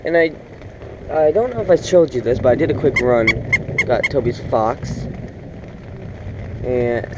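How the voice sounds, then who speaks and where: A man's voice: a little high, darkish tone, a little hiss or hum, low-quality recording. A man vlogging from a small tent in heavy rain, rambling casually with lots of fillers and chatting to his dog. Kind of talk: casual self-filmed vlog. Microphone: camera on a tripod.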